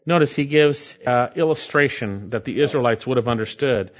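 A man's voice: mid-range voice, normal speed, highs cut off. A pastor preaching an emphatic sermon, his voice climbing when he stresses a point.

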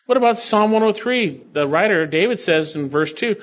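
In a high-pitched, expressive voice at a moderate pace with few pauses, an older man preaches, heard through lo-fi sound. This pastor expounds scripture verse by verse, quoting Greek words and their meanings, with bursts of enthusiasm welling up along the way.

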